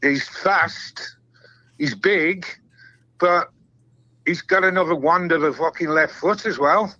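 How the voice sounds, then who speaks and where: A man's voice: on the high side, slow pace, bright, forceful tone, no echo. A man calling in to a football phone-in, chatty and swearing freely, laughing as he talks. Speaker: caller. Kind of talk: phone-in chat. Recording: dull phone-line sound.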